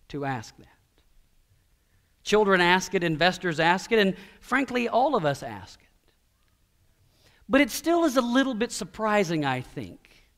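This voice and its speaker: Male pastor, middle-aged, high voice, chatty sermon delivery with stammered restarts. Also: fairly bright tone. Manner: conversational preaching with stammered restarts and quoted voices.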